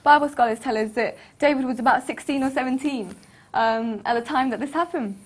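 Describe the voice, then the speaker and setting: A woman co-hosting a relaxed chat about a Bible story, her voice sitting a little high for a woman. She breaks into small laughs often between phrases. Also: a little fast. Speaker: co-host. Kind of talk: casual Bible discussion.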